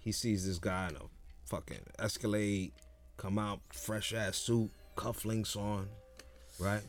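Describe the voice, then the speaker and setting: A man co-hosting a casual chat, relaxed and profane, who laughs often while telling stories. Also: fairly low pitch, measured pace. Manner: laid-back storyteller, swears freely, laughs often.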